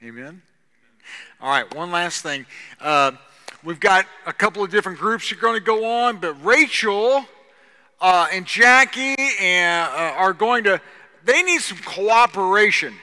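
A male pastor with a fairly high, very bright voice, talking to his congregation in a church. His style is folksy and conversational, and he keeps checking in with "okay?". The sound carries a long hall reverb. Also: lively intonation, unhurried. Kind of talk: prayer and church announcements. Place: church sanctuary.

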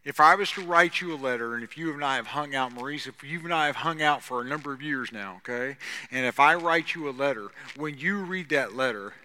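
A man's voice: mid-range voice, bright, forceful tone. A man leading a congregation, moving from a spoken prayer into folksy announcements and often checking in with "okay?". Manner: folksy, conversational, with frequent "okay?". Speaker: pastor. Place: church sanctuary. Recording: long hall reverb.

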